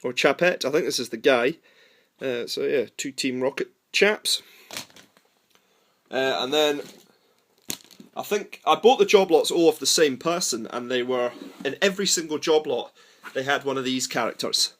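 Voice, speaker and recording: A man's voice: mid-range voice, normal speed, long pauses, a bit bright. A man chatting casually and rambling a little as he shows off toys he bought. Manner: chatty, self-deprecating, rambling. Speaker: toy collector vlogger. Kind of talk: casual unboxing chat.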